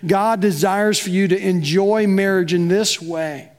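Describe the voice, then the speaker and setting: A man's voice: high voice, steady tone, unhurried, a little mellow. A man preaching a sermon as pastor, talking conversationally and acting out both sides of quoted dialogue.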